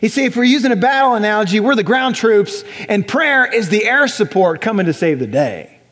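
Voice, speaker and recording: A young adult man preaching a sermon in a church, conversational and animated, often acting out voices. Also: high voice, a little fast. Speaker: pastor. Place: church sanctuary. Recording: church hall reverb.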